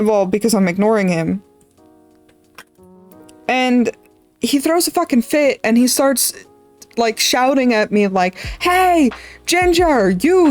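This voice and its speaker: A woman's voice: on the high side, no echo. A young woman streamer from the Netherlands, casually rambling through a story while drawing, swearing freely. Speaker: art streamer.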